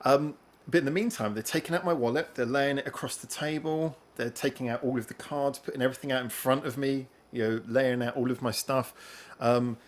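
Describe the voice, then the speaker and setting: A man hosting a podcast, telling a long personal story in casual chat and acting out what other people said. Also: medium pitch. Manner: animated, acts out others' lines. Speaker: podcast host.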